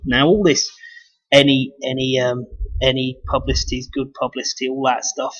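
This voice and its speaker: A man's voice: medium pitch, completely flat delivery, moderate pace, a bit bright. A man from the United Kingdom talking casually in a rambling monologue, swearing and restarting his sentences. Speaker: video blogger. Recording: dull lo-fi sound.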